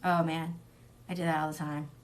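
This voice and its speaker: Reading tarot on a laid-back livestream, this young woman speaks at a normal pace in a low, flat voice. Her talk is blunt and full of swearing, drifting into tangents with plenty of "like" and "um" along the way.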